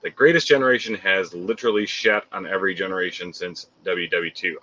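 A man's voice: deep voice, brisk, pushed and bright, dull audio. A man hosting a live podcast, chatting casually, reading viewer comments and laughing often.

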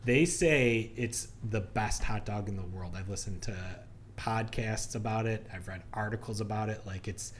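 A man's voice: lowish voice, normal speed, a little hiss or hum. A man co-hosting a podcast, telling a story in casual chat and acting out the people in it. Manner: animated storyteller, acts out quotes. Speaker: podcast co-host.

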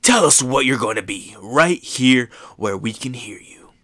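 A man voicing a menacing huge male warlord who taunts in a hushed way. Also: mid-range voice, very animated, takes it slowly, gravelly, husky, dry recording, studio quality, pitched above the performer's own voice, heavily acted. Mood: taunting.

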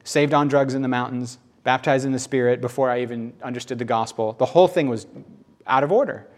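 A man's voice: mid-range voice, a little fast. Male preacher for a sermon read: emphatic, repeats lines, mid-range voice. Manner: emphatic, repeats phrases, swings between loud and hushed.

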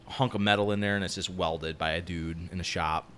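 A man's voice: low voice, brisk, a little hiss or hum. A man who works as a construction foreman, telling rambling, profane stories in casual chat. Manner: profane, rambling, animated storyteller.

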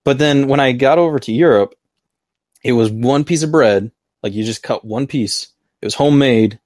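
A man's voice: medium pitch, normal speed, a little mellow, dry recording, studio quality. An American man hosting a casual video-call chat, easygoing and chatty. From United States. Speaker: podcast host.

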